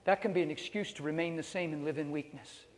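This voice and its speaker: Animated male pastor preaching in a hall. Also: a little high, quick pace. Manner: animated storytelling with rhetorical questions. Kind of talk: sermon. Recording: long reverb of a large hall.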